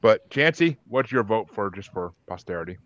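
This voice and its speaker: A podcast host with a lowish, fairly bright voice speaks with lively intonation at a moderate pace in a casual group chat, where he runs a bracket vote and teases guests with crude jokes. The recording is dry, with dull lo-fi call audio.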